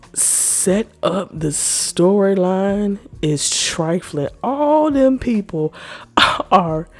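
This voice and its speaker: A young woman vlogger in a casual, animated, profane rant about TV shows, full of slang and swearing. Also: lowish voice.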